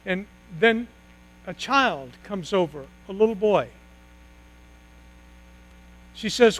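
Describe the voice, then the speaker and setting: Man, high voice, sermon, dramatic pauses, hushed drops, mains hum. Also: expressive, poor audio. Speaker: pastor.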